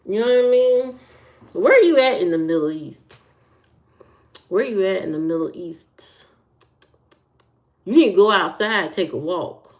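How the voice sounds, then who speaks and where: Slow-talking woman chatting on a livestream. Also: medium pitch, darkish tone, lo-fi sound. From American Midwest. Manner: chatty, repeats herself, talks to chat by name. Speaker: livestream host. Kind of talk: casual livestream chat answering viewers.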